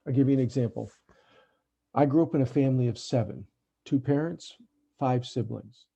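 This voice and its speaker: Guy running a parent workshop on a video call, kinda husky and raspy, keeps saying right?. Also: mid-range voice, warm tone. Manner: conversational, checks in often with "right?". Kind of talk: online parent workshop talk. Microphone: computer mic on a video call.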